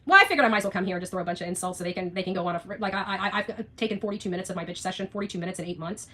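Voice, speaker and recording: A woman's voice: mid-range voice, rapid-fire, sharp tone. A woman vlogger ranting to her viewers in a blunt, profane, sarcastic way. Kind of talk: ranting livestream vlog.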